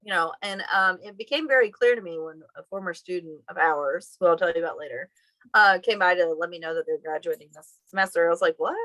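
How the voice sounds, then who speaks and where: A woman college instructor chats casually with her co-teacher at the end of a class session. Her voice is bright and forceful. She tells stories with animated, playful exasperation, and the recording is close and dry. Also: fairly low pitch, fast, no echo, low-quality recording.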